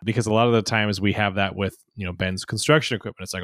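A man's voice: lowish voice, steady tone, fast talker, few pauses, fairly bright tone, dry recording, studio quality. A man on a casual podcast, responding supportively and offering practical parenting advice. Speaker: podcast co-host. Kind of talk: casual chat about parenting.

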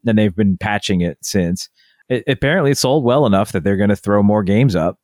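A man's voice: fairly low pitch, brisk, a little mellow, dry recording, clean studio sound. A man co-hosting a casual chat, explaining at length in a rambling, chatty way. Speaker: podcast co-host.

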